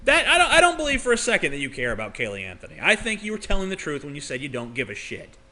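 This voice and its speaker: A man ranting on a casual vlog in a heated, argumentative way, with a lot of swearing. His voice is fairly high and bright with an edge. He stammers and restarts as he pushes his point. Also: wildly swooping pitch, racing. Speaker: vlogger.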